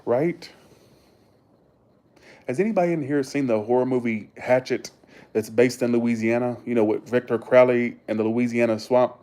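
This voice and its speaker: A young man with a drawl talks casually to his viewers, rambling and enthusiastic, with curse words dropped in freely. His voice sits in a mellow, darker register at an ordinary middle pitch. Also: steady tone, moderate pace. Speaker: vlogger talking to viewers. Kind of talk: casual chat.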